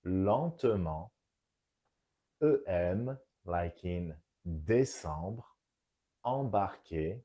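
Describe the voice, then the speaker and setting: A man's voice: low-pitched, lo-fi sound. A man with a French accent teaching French nasal vowels, demonstrating each sound carefully. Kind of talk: scripted pronunciation lesson.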